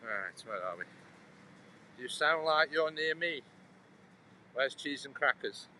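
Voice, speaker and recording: A man's voice: a little high, lively intonation, takes it slowly, pushed and bright. A man chatting in a rambling way to viewers as he walks outdoors along a cycle path, talking into a phone. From England. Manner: talks while walking. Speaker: livestreamer. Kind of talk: casual walking livestream chat. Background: passing traffic.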